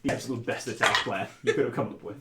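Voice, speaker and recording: A man's voice: medium pitch, fast, roomy sound, very noisy. A man running a tabletop game as game master, narrating the scene and laughing through hiccups.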